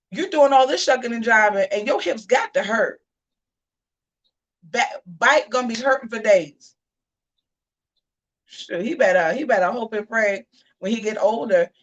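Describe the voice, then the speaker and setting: Sassy woman w/ aave doing live gossip commentary, talks back to chat, mid pitch. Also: distant mic, highs cut off. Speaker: host of a live commentary show. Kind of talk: livestream commentary reading chat.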